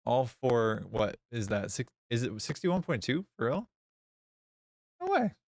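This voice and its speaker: A man streaming a game live, chatting casually in an excitable, self-mocking and sarcastic way. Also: mid-range voice, a little slow, vocal fry, dry recording. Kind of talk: live gameplay stream chat.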